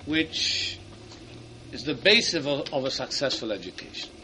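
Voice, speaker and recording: A man giving a Torah lecture to teachers. He reads Hebrew sources in quick bursts and then explains each one in English. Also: medium pitch, expressive, pushed and bright, a little hiss or hum. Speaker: rabbi speaking to teachers. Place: hall at an event.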